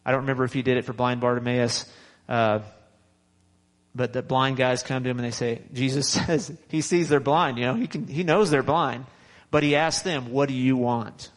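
A man's voice: medium pitch, fairly even intonation, normal speed, rough recording. A man preaching a sermon in a conversational, repetitive way, with frequent restarts and chuckles. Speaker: pastor.

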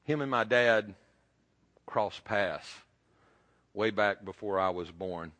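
A man, preaching a sermon and telling a personal story, swinging from loud emphasis to hushed tones. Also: fairly low pitch, takes it slowly, lo-fi sound. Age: 50s or older.

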